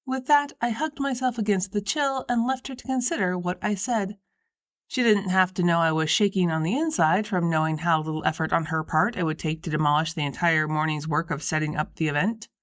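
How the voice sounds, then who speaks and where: A woman reading a first-person story as an audiobook narrator, with a wry, lively delivery. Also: on the low side, a little fast.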